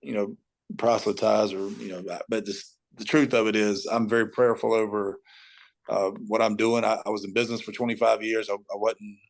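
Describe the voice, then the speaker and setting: A middle-aged man, a high school football coach, telling stories as an interview guest and acting out his own shouting at the TV. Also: moderate pace. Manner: animated storyteller, acts out shouting at the TV.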